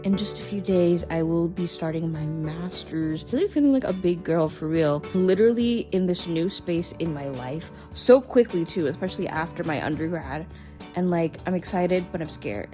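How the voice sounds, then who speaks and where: A woman in her twenties telling stories to her vlog audience in an animated, chatty way, peppering her talk with "like" and "right?". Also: on the low side, moderate pace, soft background music. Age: 20s. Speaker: vlogger. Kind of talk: casual storytelling vlog.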